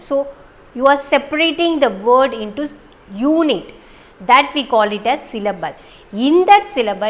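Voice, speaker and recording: A woman teacher with a Kerala Indian English accent explaining a grammar lesson, pausing with fillers and asking if students follow. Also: on the high side, low-quality recording. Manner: explains slowly with many fillers and check-ins. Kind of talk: recorded online English lesson.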